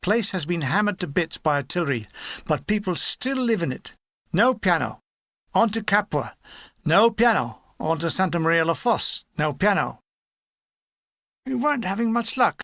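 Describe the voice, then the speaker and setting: Lively man reading a war memoir. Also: high-pitched, normal speed, no room sound, studio quality. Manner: lively, animated reading with put-on character voices. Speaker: audiobook reader. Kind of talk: audiobook narration of a war memoir.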